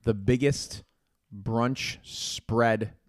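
A man's voice: mid-range voice, fairly even intonation, extremely slow, no echo, studio quality. A man co-hosting a casual podcast, bantering and teasing about restaurants. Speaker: podcast co-host. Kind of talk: casual chat.

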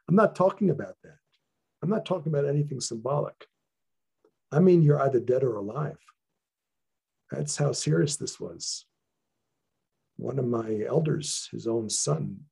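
A man speaking as an interview guest, sharing serious stories about his training in an earnest, measured way with frequent restarts. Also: medium pitch, creaky, darkish tone, slightly rough. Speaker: guest, traditional healer. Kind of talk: interview, reflective storytelling.

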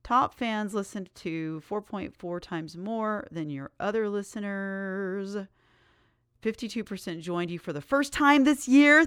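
Bubbly woman podcast host, smooth voice. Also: mid-range voice, unhurried, a bit bright, no room sound, studio quality. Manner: bubbly, enthusiastic, chatty. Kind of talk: casual solo podcast chat.

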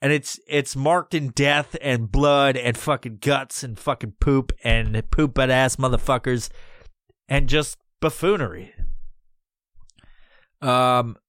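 A man's voice: a little high, a bit bright, smooth, dry recording, studio quality. A man hosting a solo podcast, rambling loosely and swearing constantly as he jokes his way through a history talk. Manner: profane, rambling, loose and jokey. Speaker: podcast host. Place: recording alone.

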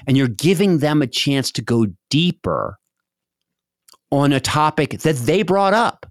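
A man's voice: mid-range voice, a little slow, no room sound. A man in middle age talks through advice in a loose, conversational way. He keeps stopping to voice the people in his examples. The sound is dry and close to the mic. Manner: animated, acts out example dialogues, frequent restarts. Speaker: podcast host giving advice.

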